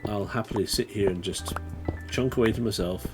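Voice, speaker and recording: A man's voice: lowish voice, a little fast, over music. A man chatting casually to his viewers while playing a game on a livestream, rambling and swearing when startled. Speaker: streamer. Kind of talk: casual gaming livestream chat.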